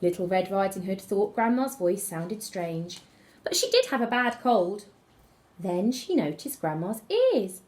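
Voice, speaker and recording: A woman teacher reading a fairy tale aloud to children, with expressive storytelling. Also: mid-range voice, unhurried. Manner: expressive storytelling, gasps and whispers.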